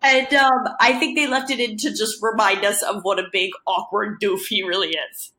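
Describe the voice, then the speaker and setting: A woman's voice: mid-range voice, steady tone, moderate pace, pushed and bright. A woman chatting on a podcast, playful and cheeky, laughing often. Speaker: podcast guest co-host. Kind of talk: casual chat.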